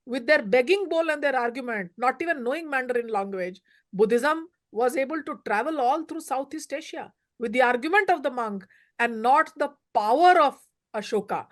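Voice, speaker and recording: A woman professor from India, giving emphatic lecturing remarks on a panel. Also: high-pitched. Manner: emphatic, lecturing, stresses single words.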